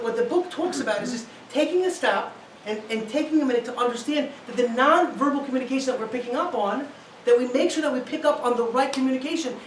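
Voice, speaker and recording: Rabbi guy giving a talk on family life, high voice, echoey room, a bit far from the mic. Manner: animated, acts out little scenes, asks the audience "right?". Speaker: rabbi, guest speaker. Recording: echoey room, distant mic, faint noise.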